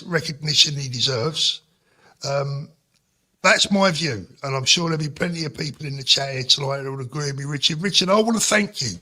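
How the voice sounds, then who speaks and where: A man with a bright, sharp, slightly high voice talks earnestly on a livestream. He leans hard on his points and pauses with fillers before pressing on. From England. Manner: earnest, emphatic praise with fillers. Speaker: co-host of a political livestream. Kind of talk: casual chat, reading viewer comments.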